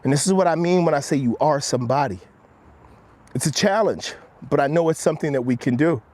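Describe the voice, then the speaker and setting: A man hosting a motivational walk-and-talk live stream outdoors, coaching viewers earnestly and speaking straight to them. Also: a little fast. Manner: drops low and quiet when quoting himself.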